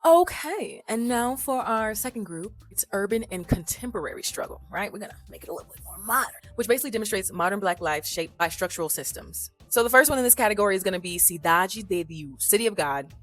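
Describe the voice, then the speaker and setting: A young adult woman talking casually in a language-learning vlog. She is animated and chatty, laughs often and slips into quick put-on voices when quoting people. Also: mid-range voice, faint music behind.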